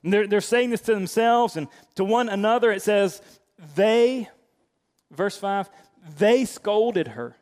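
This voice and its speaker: Male pastor, higher voice, conversational sermon delivery with restarts, long hall reverb. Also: lively intonation, measured pace, a little mellow. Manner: conversational preaching with frequent restarts.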